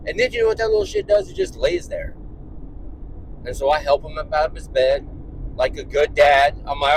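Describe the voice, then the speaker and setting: A man's voice: fairly high pitch, very animated, normal speed, gravelly, long pauses, a little hiss or hum, poor audio. A man telling an exasperated, profane story about his morning, ranting in his car. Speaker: vlogger and dad.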